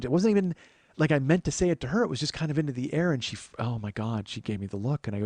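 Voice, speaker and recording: A man's voice: medium pitch, rapid-fire, darkish tone, no room sound. A man hosting a podcast, telling a personal story in a profane, emphatic way with frequent restarts. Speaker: podcast host.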